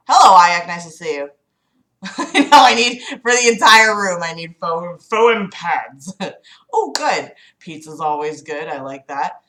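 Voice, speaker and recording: A woman's voice: medium pitch, bright, forceful tone. A woman hosting a casual livestream, chatting with viewers in an exasperated, apologetic way and swearing often. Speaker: livestream host. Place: home room.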